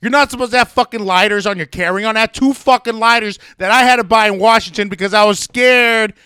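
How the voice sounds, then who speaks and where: Man, young adult, casual storytelling, profane ranting, forceful bright voice, slightly high pitch. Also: quick pace, clear, resonant tone, no room sound, studio quality. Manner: profane, ranting, heated retelling.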